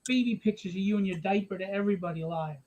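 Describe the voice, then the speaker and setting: A man's voice: sits high, very fast, darkish tone. A man hosting a live stream from home in a casual, joking, teasing way. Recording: dull lo-fi stream audio with faint noise.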